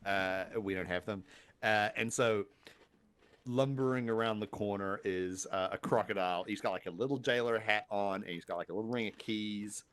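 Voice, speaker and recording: A man's voice: fairly low pitch, steady tone, moderate pace, fairly bright tone. Hesitant game master man. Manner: hesitant, many fillers, laughing. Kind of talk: narrating a tabletop game.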